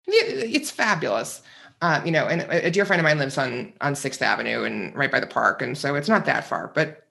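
A man's voice: a little high, expressive, fairly quick, vocal fry, pushed and bright. Campy witty guy on a podcast, chatty and opinionated. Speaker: podcast co-host. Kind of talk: casual chat.

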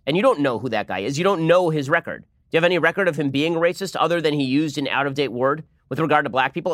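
A man hosting a political commentary show, arguing in a sarcastic, rapid-fire way. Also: fairly high pitch, fairly bright tone, no echo, clean studio sound.

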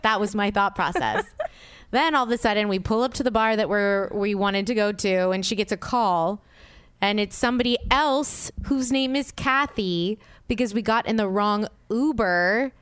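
A woman's voice: mid-range voice, moderate pace, fairly bright tone, clean tone, dry recording, clean studio sound. A young adult woman hosting a podcast, telling a story in casual chat, acting out quotes and swearing freely. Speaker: podcast host.

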